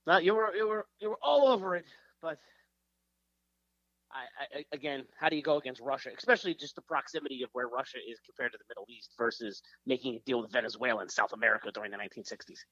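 A man co-hosting a trivia podcast who asks the questions, talking in a rambling way with halting restarts. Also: mid-range voice, a bit bright, dry recording. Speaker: podcast co-host, quizmaster. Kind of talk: casual trivia chat. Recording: dull lo-fi sound.

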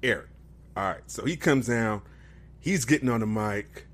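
A man with a lively voice that swings widely in pitch co-hosts a casual wrestling chat. He slips into quick impressions of other people's voices and peppers his talk with "man" and "bro". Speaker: podcast co-host.

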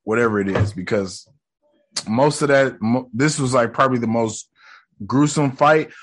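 A man giving casual reaction commentary on a show, excitable and profane, full of slang, sometimes acting out lines. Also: mid-range voice, moderate pace. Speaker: reaction video host.

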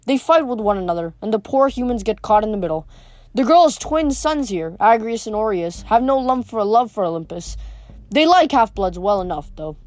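A woman reading the part of a smooth, scheming teenage boy villain in an audiobook, with a mocking manner. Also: medium pitch, lively intonation, moderate pace, a little mellow, no echo, close to an everyday voice.

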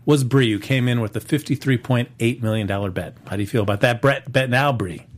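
A podcast host with a mid-range voice talks briskly on a casual live stream about films and the box office. He rambles, leaning on plenty of fillers and restarts.

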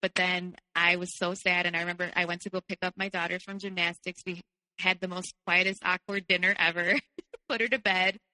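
A young woman with a bright, forward voice tells her own story as a podcast guest, candid and loose, with lots of fillers. The mic is dry and close, yet a long reverb tail trails behind her words. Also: on the low side, little pitch movement, brisk. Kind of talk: casual personal storytelling.

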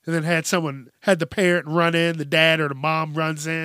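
A man's voice: a little high, flat delivery, fairly quick, few pauses, bright, forceful tone, smooth, no room sound, studio quality. A man hosting a podcast, ranting bluntly and with heavy profanity, laughing often as he goes. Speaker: podcast host. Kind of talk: casual comedic rant.

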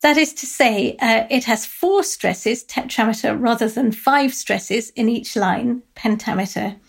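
A woman professor giving a thoughtful literature lecture, pausing often with uh and um. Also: on the high side, creaky, breathy edge. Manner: thoughtful, with frequent uh and um.

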